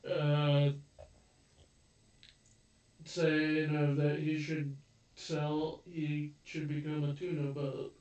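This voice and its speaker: Slow, flat-voiced man, echoey room. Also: fairly high pitch, lo-fi sound. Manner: unhurried, flat, adds details and corrections. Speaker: podcast co-host. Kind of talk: casual chat. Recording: echoey room, distant mic.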